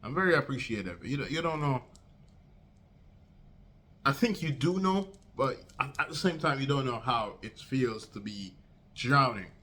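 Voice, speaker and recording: Young man, vlogger, casual storytime, bright tense tone, animated acted-out quotes, slangy. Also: moderate pace, long pauses. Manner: animated, acts out quotes with big pitch jumps; slangy, swears freely.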